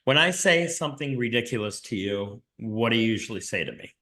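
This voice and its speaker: A man's voice: lowish voice, expressive, a little fast, pushed and bright. Goofy rambling podcast co-host man. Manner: goofy, self-mocking, rambling. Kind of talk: casual chat. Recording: roomy echo.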